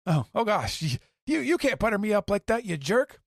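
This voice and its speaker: A man's voice: high-pitched, very animated, moderate pace, no room sound, clean studio sound, voice pushed up, exaggerated voice. A man voicing a small, bashful male reindeer doctor who gets flustered when praised. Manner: flustered, giggly. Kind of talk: reading comic aloud in podcast.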